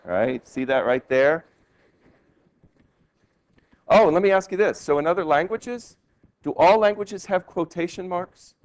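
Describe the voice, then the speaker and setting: A male law professor giving a classroom lecture, lively and quizzing his students with questions. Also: sits high, measured pace, pauses often. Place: law school lecture hall.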